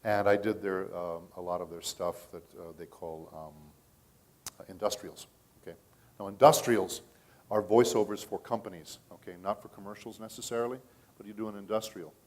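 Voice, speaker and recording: A man's voice: low-pitched, fairly even intonation, normal speed. A middle-aged man who works as a voice actor, telling stories at a convention panel in a chatty way and checking in with the audience often. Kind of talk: casual panel talk.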